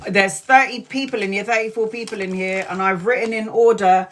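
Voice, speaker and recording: A woman's voice: mid-range voice, steady tone, fairly quick, background noise. Candid woman tarot reader. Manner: candid, swears freely, laughs often; earnest and emphatic, repeats lines. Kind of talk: live-stream tarot reading and chat.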